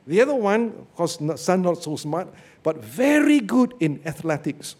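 A man preaching a sermon on a Bible passage, telling stories in an animated way and often checking in with "okay?" and "you see". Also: fairly high pitch, moderate pace, hardly any pauses.

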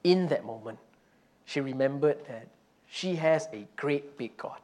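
A man's voice: mid-range voice, expressive, unhurried, a little mellow. A man preaching a conversational sermon and telling a story, with frequent "you know" fillers and restarts. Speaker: pastor.

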